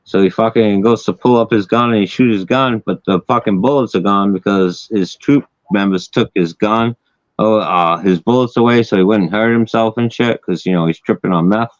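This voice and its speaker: A man's voice: lowish voice, moderate pace, no room sound. A man hosting a casual chat, telling a wild story with lots of swearing and laughing at his own punchlines. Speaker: host. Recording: dull lo-fi sound, dry.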